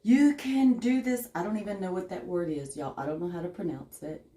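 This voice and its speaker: A woman's voice: fairly low pitch, fairly quick, mellow. A woman with a Southern accent chatting casually on a craft livestream, greeting viewers by name as she works. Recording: echoey room.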